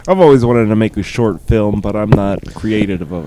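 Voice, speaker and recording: A man's voice: fairly low pitch, brisk, noisy background. A young man co-hosting a podcast, laid-back, chiming in with short agreements and laughs. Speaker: podcast co-host. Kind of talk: casual chat.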